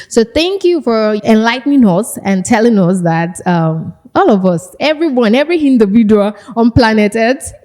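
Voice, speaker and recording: A woman's voice: medium pitch, dark tone. A young Nigerian woman hosting a casual podcast chat, bubbly and teasing, often breaking into laughter. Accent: Nigerian English. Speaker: podcast host.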